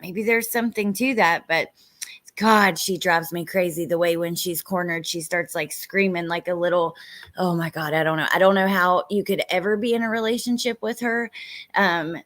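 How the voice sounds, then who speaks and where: A woman's voice: on the low side, fairly even intonation, moderate pace, a bit bright. A woman hosting a casual true crime chat, exasperated and rambling, with the odd swear word. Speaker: host.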